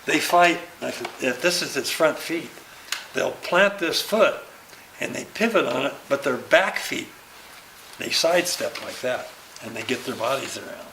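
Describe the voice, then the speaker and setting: Older man telling lively stories. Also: medium pitch, measured pace. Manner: lively storyteller who acts out quoted dialogue. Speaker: interview guest. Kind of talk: casual anecdote telling. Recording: roomy echo with faint background noise.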